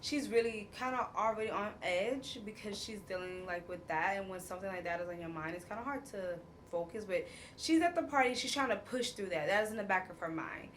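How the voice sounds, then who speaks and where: Speaking fairly quickly in a mid-range voice, with a slight hiss or hum behind her, a woman casually runs through a reality show episode. She acts out the quotes with lively storytelling and frequent laughter.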